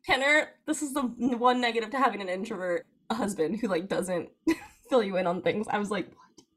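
A young woman telling a long personal story in casual chat, animated, laughing often and filling her speech with "like". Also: mid-range voice, fairly quick. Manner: animated, laughing, frequent "like" fillers.

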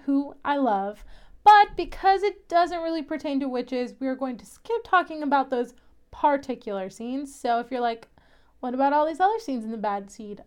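A woman's voice: high-pitched, clear, resonant tone. A young woman hosting a casual, chatty recap of a TV episode, laughing often as she talks. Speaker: podcast host.

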